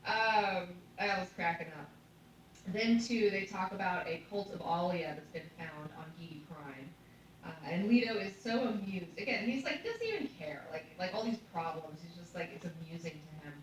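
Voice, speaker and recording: A woman giving an animated comic breakdown of a story, swearing and laughing as she goes. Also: fairly low pitch, normal speed, very echoey, far from the mic, slight background noise, low-quality recording. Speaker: commentator.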